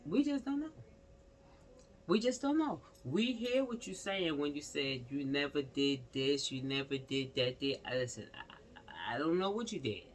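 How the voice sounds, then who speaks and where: A man's voice: on the high side, fairly bright tone, a little hiss or hum. A man giving casual, rambling political commentary as a vlogger, repeating himself and talking straight at the person he's discussing. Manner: rambling, repetitive, exclamatory, talks straight to the subject.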